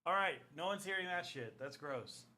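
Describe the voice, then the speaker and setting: Lively bright-voiced young man streaming. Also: on the high side, moderate pace. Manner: playful, chatty, talks to chat. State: mildly out of breath. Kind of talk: casual livestream chat.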